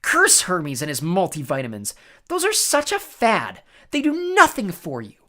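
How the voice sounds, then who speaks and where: A man's voice: huge pitch swings, takes it slowly, heavily acted. A man voicing a haughty, easily flustered female sorceress in a storybook reading, drawling and mocking. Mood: panicked. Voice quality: high, shrieking put-on voice. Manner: drawling, mocking, then yelping.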